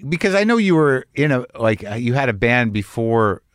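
A man's voice: medium pitch, sing-song, normal speed, no echo, clean studio sound. A man interviewer asking casual, probing questions and often saying "you know". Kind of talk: conversational interview.

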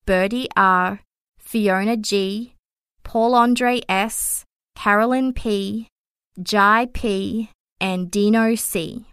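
A woman hosting a true crime podcast, reading her scripted narration in a measured way. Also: medium pitch, a bit bright, clean tone, no room sound, clean studio sound.

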